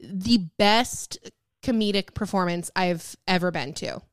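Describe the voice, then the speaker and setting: A woman's voice: fairly low pitch, a little slow, clear, resonant tone, no room sound, studio quality. A woman co-hosting a casual chat podcast, chatty and giggly with lots of fillers. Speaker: podcast co-host.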